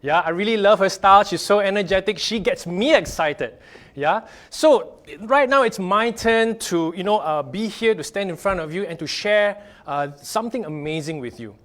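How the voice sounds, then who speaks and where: A man giving a motivational sales training talk, upbeat and emphatic, trailing softer at the ends of phrases. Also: high-pitched, lively intonation, normal speed.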